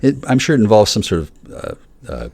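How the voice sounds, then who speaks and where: A man's voice: on the low side, very animated, vocal fry, a little mellow. A man on a livestream panel delivering a rambling conspiratorial monologue, profane and full of restarts. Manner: profane, rapid, repetitive restarts.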